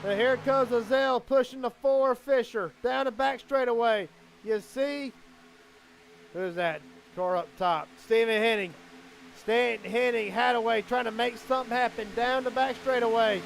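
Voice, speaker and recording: A man calling a live sim race as commentator, excitable and quickening with the action. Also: very high-pitched, gravelly, slight background noise.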